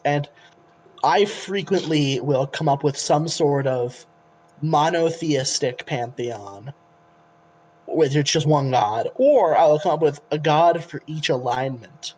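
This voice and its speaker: Wry man with a slightly high voice. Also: darkish tone, slight background noise. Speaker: dungeon master, podcast co-host. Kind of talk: casual discussion.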